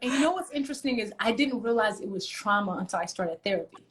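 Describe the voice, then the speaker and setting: She's a fast-talking Nigerian woman with a mid-range voice and lively intonation, appearing as a guest on a live video call. Chatting casually, she narrates personal stories and acts out lines she once spoke.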